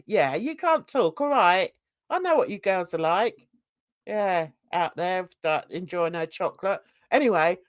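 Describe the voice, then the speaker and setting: A woman's voice: lowish voice, dry recording. Older woman from london, chatty and opinionated, rambles, dry close sound. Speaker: host. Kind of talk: casual chat.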